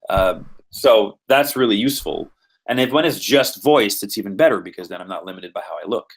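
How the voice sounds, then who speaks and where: A man's voice: fairly low pitch, fairly quick, slightly rough. A man from Quebec, an actor talking through his roles in a rambling podcast interview full of fillers. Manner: rambling, animated, many fillers. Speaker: voice and motion capture actor.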